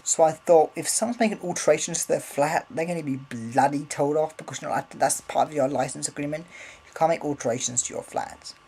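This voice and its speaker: A man's voice: a little high, a little fast, a little mellow, breathy edge, rough recording. A man rambling casually in a vlog, swearing freely, filming on a handheld camera. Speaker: vlogger.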